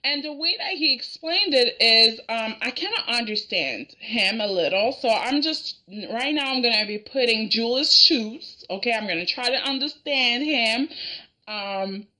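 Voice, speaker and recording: Chatty high-voiced woman recapping a drama. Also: animated, measured pace, sharp tone. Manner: chatty, acts out characters' lines, laughs often. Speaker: reaction video host.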